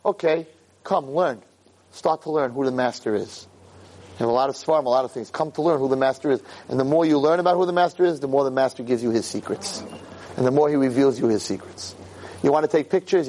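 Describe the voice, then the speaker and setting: A man's voice: on the high side, poor audio. A man giving a Torah lecture as a rabbi, telling stories in an emphatic, rambling way. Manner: animated, emphatic, rambling storyteller.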